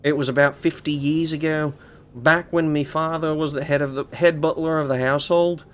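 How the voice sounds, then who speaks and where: A man's voice: mid-range voice, lively intonation, normal speed, close to an everyday voice. A man voicing an aging male butler who looks back on his youth, reading game notes aloud in a mock-formal, wistful put-on voice.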